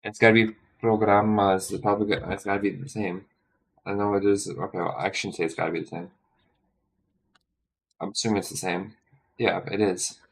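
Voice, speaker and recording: Gravelly low-voiced man muttering while studying. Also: level tone, brisk, pauses often. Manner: muttering to himself, self-correcting. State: tired and yawning. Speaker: streamer studying a language. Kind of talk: casual think-aloud study stream.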